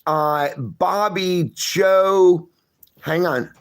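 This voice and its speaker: A man's voice: high voice, extremely slow, clean tone. A middle-aged man hosting a livestream, reading viewer comments and greeting each person by name in a casual, friendly chat. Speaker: livestream host.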